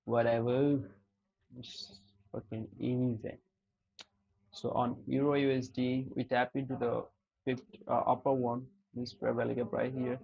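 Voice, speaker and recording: A man's voice: mid-range voice, flat delivery, measured pace, gravelly, highs cut off. A man streaming live trades, smoking a cigarette while talking to his chat in an exasperated, heavily cursing way. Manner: exasperated, heavy cursing, talks to chat as "dude" and "bro".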